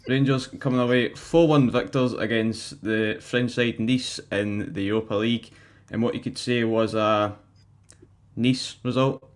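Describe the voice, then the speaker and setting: A man's voice: on the low side, steady tone, normal speed. A man hosting a football podcast in a loose, jokey way. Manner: jokey, loose, leads the chat. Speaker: podcast host.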